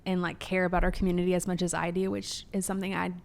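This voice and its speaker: A woman's voice: lowish voice, little pitch movement, rapid-fire, gravelly. A woman, hosting a casual podcast chat and telling bubbly, upbeat stories. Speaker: podcast host.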